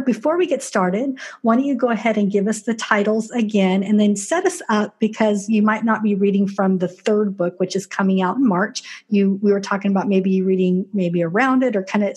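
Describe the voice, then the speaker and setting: Husky woman podcast host. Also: medium pitch, darkish tone. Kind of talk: interview.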